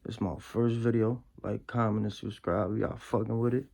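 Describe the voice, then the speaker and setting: A young man talking quietly in a casual, slang-heavy way while showing a pocket bike build. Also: fairly low pitch, steady tone, normal speed, gravelly. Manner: hushed, laid-back slang-heavy talk. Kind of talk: casual workshop vlog.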